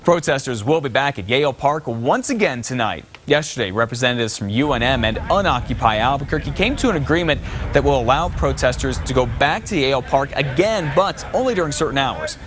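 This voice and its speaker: A man reading local morning news headlines as a television anchor, in a smooth, steady newsreader delivery. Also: mid-range voice, fairly quick, noisy background.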